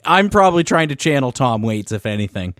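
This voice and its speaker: A man co-hosting a podcast, talking in quick rambling bursts and laughing often. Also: medium pitch, big pitch swings, fairly bright tone, dry recording, clean studio sound. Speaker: podcast co-host. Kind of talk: casual chat.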